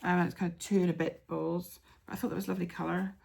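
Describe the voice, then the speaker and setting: Female craft-podcast host, casual and chatty, heavy vocal fry, faint background noise. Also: on the low side, level tone, very fast. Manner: chatty, with many ums and soft asides. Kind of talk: casual chat showing yarn and patterns.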